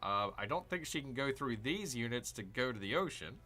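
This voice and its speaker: A man's voice: medium pitch, expressive, brisk, bright, forceful tone. A man hosting a gaming channel, casually talking himself through a strategy game, cheering and groaning at each move.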